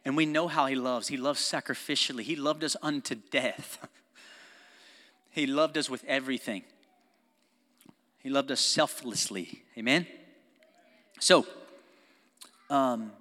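A man preaching a sermon as pastor, passionate, swinging between loud exhortation and quiet, intimate talk, with frequent laughs and asides to the congregation. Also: fairly high pitch. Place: church sanctuary. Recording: long reverb of a church hall.

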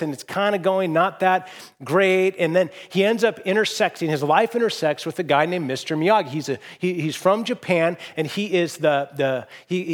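Pastor guy in his 40s preaching, lively storyteller, kinda high voice for a man. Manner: animated storytelling, rambling restarts. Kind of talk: sermon. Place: church stage.

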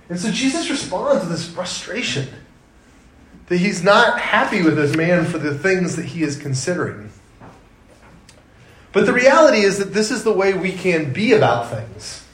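A man in his thirties preaching a sermon, conversational and animated when telling stories. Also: high-pitched, normal speed, a little hiss or hum. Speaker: pastor. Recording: echoey room.

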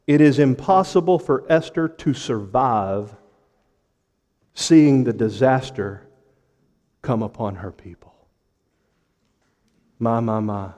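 A man preaching a sermon with impassioned rhetorical questions, pausing for effect and dropping to a hush. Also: mid-range voice, big-room sound. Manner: impassioned preaching with dramatic pauses and sudden drops to a hush. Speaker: pastor.

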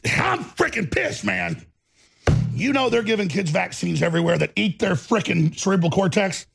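Furious man ranting, very high and gravelly. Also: normal speed. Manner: angry, shouting, sing-song rant. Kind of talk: ranting monologue. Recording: clip with music mixed in. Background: music.

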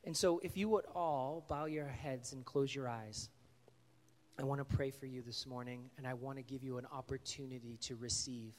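A man's voice: mid-range voice, fairly even intonation, moderate pace, long reverb tail. A male pastor giving an earnest, conversational sermon with an altar call, telling stories and praying in a church sanctuary.

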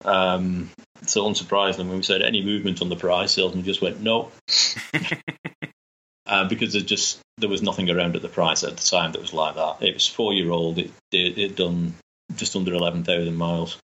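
A man's voice: low voice, little pitch movement, a little fast, sharp tone, dull audio. A man chatting enthusiastically as a guest, rambling with restarts. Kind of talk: casual chat.

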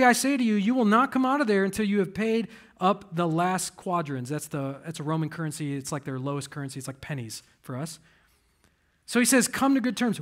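A middle-aged man with a high voice preaches a sermon. He drops low for quiet asides and then lifts into emphatic, driving passages. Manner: dynamic preaching, swinging between quiet and emphatic. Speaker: pastor.

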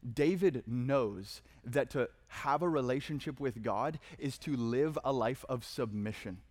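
A man's voice: mid-range voice, unhurried. A man preaching a conversational sermon, reading verses with dramatic emphasis. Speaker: pastor.

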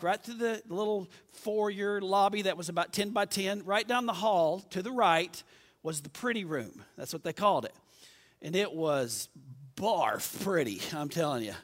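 A middle-aged man telling a personal story in a sermon, folksy and animated, with sudden loud bursts and hushed asides. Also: high voice. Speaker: preacher. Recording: long reverb of a large hall.

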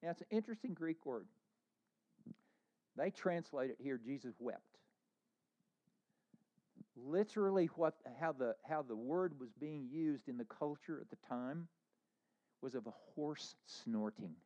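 A man preaching a sermon as pastor, earnest, moving between hushed lines and emphatic ones. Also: medium pitch, animated, measured pace, long pauses.

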